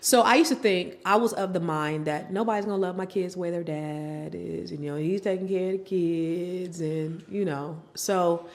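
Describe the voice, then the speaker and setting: A woman's voice: fairly low pitch, moderate pace, hardly any pauses. A middle-aged woman telling her own story as a guest, acting out what her family members said. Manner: animated, acts out family members' lines in voices. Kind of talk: candid personal storytelling.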